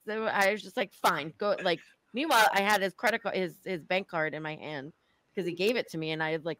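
A woman with a mid-range voice tells a story in casual podcast chat. She is animated, swears freely and laughs along the way. The recording is dry and close. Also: mid-range voice, dry recording, rough recording. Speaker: guest.

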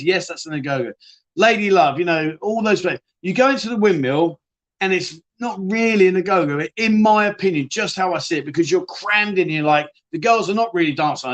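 Man, high-pitched, live chat show host, rambling, jokey, matey. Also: a bit bright. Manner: rambling, jokey, chuckling, calls viewers mate. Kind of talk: casual live-stream chat reading viewer comments.

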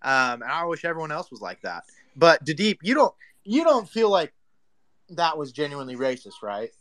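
A man's voice: a little high, very animated, moderate pace, a bit bright, dry recording. A man hosting a casual online voice chat, cutting in to tease and then talking at length.

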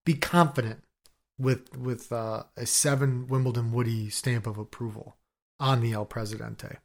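A man's voice: mid-range voice, fairly even intonation, moderate pace, creaky, very noisy. Profane riffing male podcast co-host. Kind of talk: casual chat.

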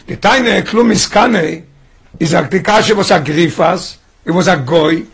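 A man's voice: high voice, a little slow, vocal fry, slightly rough. A man teaching a Torah lesson as a rabbi, asking one rhetorical question after another. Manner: poses rhetorical questions, mixes in Yiddish and Hebrew terms.

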